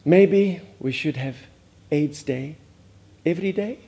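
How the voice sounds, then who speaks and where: A prim older Afrikaans society lady, played by a man, talks in a confiding monologue with an Afrikaans South African accent. Her voice sits a little high yet mellow, and she drops Afrikaans words as she goes. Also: takes it slowly, gravelly, slight background noise. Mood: remorseful. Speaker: host. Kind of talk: character monologue.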